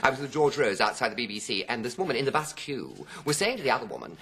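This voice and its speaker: A man's voice: medium pitch, sing-song, fast talker, creaky, few pauses, fairly bright tone, slightly rough. A man in his fifties telling anecdotes as a TV interview guest, theatrical and full of put-on voices. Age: 50s. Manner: theatrical, swooping, acts out quoted voices. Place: television studio.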